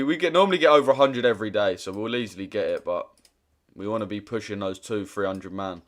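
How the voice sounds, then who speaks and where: A man with hosts a live trading stream. He talks to his chat bluntly and swears freely. His speech comes in quick bursts that he often restarts. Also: on the low side. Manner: blunt, slangy, heavy swearing. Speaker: trading livestreamer. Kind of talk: casual livestream chat to viewers.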